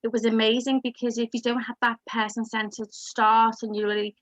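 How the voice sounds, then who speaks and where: A woman's voice: on the high side, little pitch movement, fairly quick, dry recording. A woman counsellor speaking reflectively on a video call, chatty with many fillers and restarts. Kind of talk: casual group discussion on a video call. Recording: dry, muffled video call audio.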